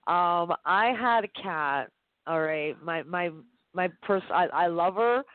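A woman co-hosting a podcast, telling stories in a lively, chatty way and laughing often. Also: lowish voice, slow pace, dry recording. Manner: animated storyteller, laughs often. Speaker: podcast co-host. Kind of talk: casual chat. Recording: dry tinny phone-like sound.

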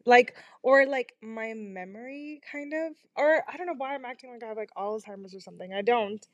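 A woman's voice: a little high, fairly quick, no echo, clean studio sound. A young woman hosting her own podcast, recorded in her bedroom on a small microphone, rambling in a casual, self-deprecating way, with fillers and swearing. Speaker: podcast host. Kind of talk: casual confessional chat. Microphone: small home microphone.

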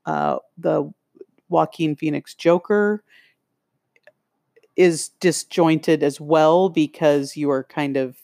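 A podcast co-host who speaks very slowly and hesitantly and searches for words in a casual chat. The voice sits at a middle pitch. It is recorded dry and close, with no room echo. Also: steady tone, gravelly, a little mellow.

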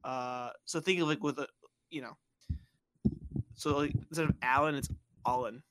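A man from Bosnia, the podcast host, casually telling a childhood story and acting out the people in it with squeaky voices. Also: normal speed, background noise. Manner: animated, acts out quoted voices in high squeals.

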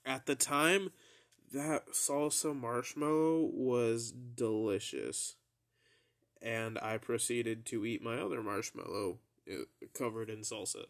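A man's voice: mid-range voice, fairly even intonation, takes it slowly. A young man hosting a podcast, casually telling a rambling, profane story and laughing at his own jokes. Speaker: podcast host.

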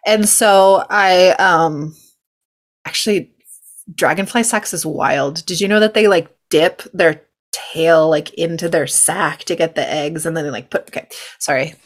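With a deep voice and a slightly slow pace, a young Californian woman hosts a podcast, chatting casually. She giggles through a rambling story, full of fillers and side comments.

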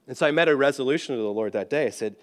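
A British-born man, a pastor, telling a personal story in an animated, self-deprecating and humorous way. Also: mid-range voice, rapid-fire. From Britain. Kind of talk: storytelling sermon.

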